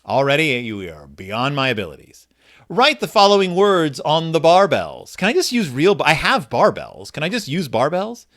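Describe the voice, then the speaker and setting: Wry self-deprecating man, lively pitch. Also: normal speed. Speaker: podcast host. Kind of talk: comedic book reading and commentary.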